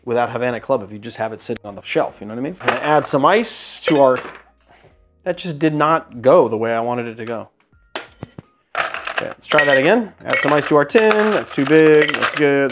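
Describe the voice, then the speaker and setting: Male bartender host, mid-range voice, chatty and self-mocking, casual demo pace. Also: mid-range voice. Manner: chatty, self-deprecating, rambling asides. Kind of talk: casual how-to cocktail demo. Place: home bar studio.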